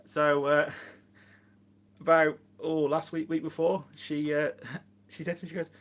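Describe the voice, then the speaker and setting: His delivery is flat and a touch slow, with a slightly high, somewhat bright voice. He's a gardening vlogger and live streamer from Shropshire, England, speaking with a Shropshire English accent as he chats casually and rambles through asides in his kitchen during a live stream.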